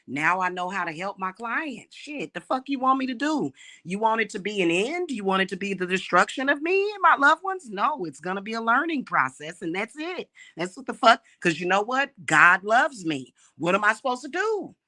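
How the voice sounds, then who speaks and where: A woman's voice: mid-range voice, big pitch swings, normal speed, pushed and bright. A woman ranting heatedly on a livestream, cursing often, repeating words when worked up and calling her viewers y'all. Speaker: livestream host.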